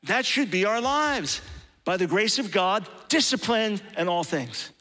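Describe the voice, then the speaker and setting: A man's voice: high voice, sing-song, unhurried, bright, forceful tone. A man preaching a sermon in an impassioned, emphatic way, building to strong peaks.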